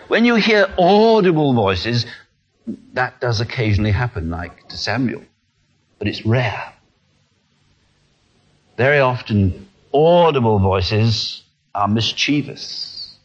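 Animated man preaching a sermon. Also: medium pitch, breathy edge. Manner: earnest, animated, acts out inner voices. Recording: dull lo-fi sound.

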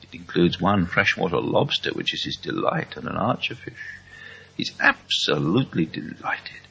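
Middle-aged English man, very low voice with a bright edge, earnest testimony speaker. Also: very animated, creaky, breathy edge. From England. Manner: slow, earnest storytelling. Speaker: speaker at a Christian meeting. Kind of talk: testimony talk. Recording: dull lo-fi recording.

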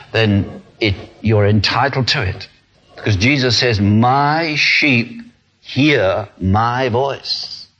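Here the sermon comes from a man with a fairly low, breathy voice who earnestly and animatedly performs the small voices in people's heads. Sound quality is dull and lo-fi.

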